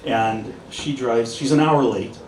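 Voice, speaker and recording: A man's voice: medium pitch, takes it slowly, darkish tone, a little hiss or hum. A man who used to work in law enforcement, telling humorous anecdotes to an audience and acting out the dialogue. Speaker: former police officer sharing stories. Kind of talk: live storytelling talk to an audience. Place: indoors at a busy pub event. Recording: echoey pub from far off with crowd.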